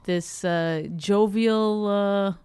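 A middle-aged woman comedian co-hosting a casual chat, telling stories with animation and leaping into a high voice when she quotes people. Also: steady tone, drawn-out words, warm tone, smooth, no echo, clean studio sound. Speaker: podcast co-host and comedian.

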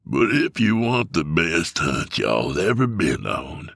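A man voicing a gruff old male backwoods hunting guide with a hoarse, slow drawl and a curt, sardonic manner. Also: low-pitched, very animated, a bit bright, no room sound, studio quality, heavily acted.

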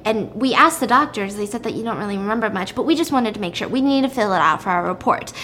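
A woman's voice: medium pitch, fast, fairly bright tone, a little hiss or hum. Chatty woman recapping a story. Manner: chatty, blunt, frequent "like".

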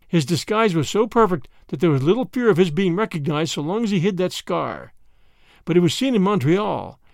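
A man voicing a grown son who speaks in a steady, matter-of-fact way. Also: high voice, no echo, studio quality. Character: grown son, a plain-spoken country man.

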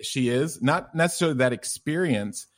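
A middle-aged man from the American South, a sex therapist guest on a podcast, telling relaxed stories with lots of fillers. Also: mid-range voice, normal speed. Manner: relaxed storytelling, filler-heavy. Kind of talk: conversational podcast interview.

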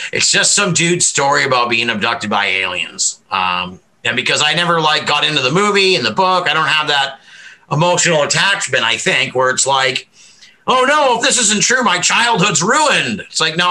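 A man talking in a rambling, animated podcast discussion, swearing freely and laughing often. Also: medium pitch, rough recording. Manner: many fillers and restarts, laughs often.

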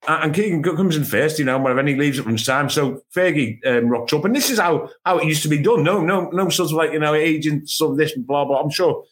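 A man on a football panel in casual chat, telling anecdotes in an animated way and restarting his words often. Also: fairly high pitch, fast talker, few pauses. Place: at home, remote.

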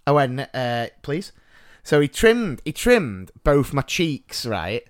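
A man's voice: mid-range voice, takes it slowly. A man co-hosting a podcast, telling a story in a casual, self-mocking way and often laughing. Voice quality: animated, self-mocking, laughs through his stories. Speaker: podcast co-host.

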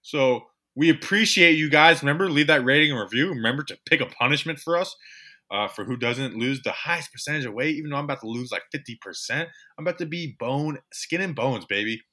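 A man co-hosting a casual sports podcast, animated and repeating himself as he talks. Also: mid-range voice, brisk. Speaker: podcast co-host.

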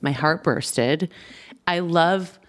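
A woman's voice: deep voice, drawn-out words. A woman hosting a podcast, chatting casually and emphatically with frequent laughs. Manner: gushing, emphatic, laughs often. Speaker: podcast host. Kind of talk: casual chat.

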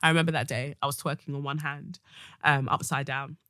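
A woman hosting a solo podcast, blunt, outspoken and sweary, with sudden loud bursts of emphasis. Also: very deep voice, steady tone, brisk, no echo, clean studio sound. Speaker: podcast host. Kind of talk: casual solo podcast monologue.

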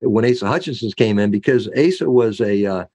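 A man's voice: on the low side, animated, brisk, a little mellow, no room sound. A middle-aged man, a former sheriff, telling stories as an interview guest, rambling with many fillers and restarts and acting out what others said. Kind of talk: storytelling in an interview.

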